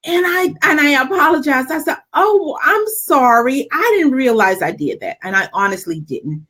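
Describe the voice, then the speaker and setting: A middle-aged woman co-hosting a talk show, chatting and telling a personal story with animated delivery and frequent laughter. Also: high-pitched, normal speed. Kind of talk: casual chat and personal storytelling.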